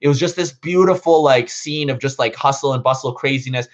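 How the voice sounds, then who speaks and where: A man's voice: mid-range voice, a little fast. A man vlogging, casually telling a long story to his viewers, rambling with lots of "like" and "um" fillers. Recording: dull lo-fi recording.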